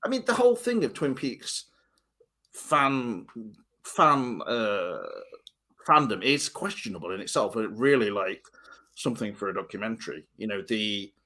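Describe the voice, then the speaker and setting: A man co-hosting a casual livestream chat, rambling and halting, often trailing off into mumbles. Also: on the low side, very animated, sharp tone. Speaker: co-host.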